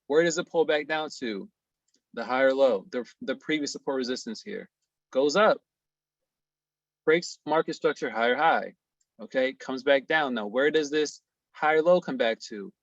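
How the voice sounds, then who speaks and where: Trading teacher, slangy, joking, emphatic, mid pitch, dry sound. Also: moderate pace, no room sound, dull audio. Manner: slangy, playful, emphatic, asks "okay?" constantly. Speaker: trading instructor. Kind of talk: casual screen-share lesson.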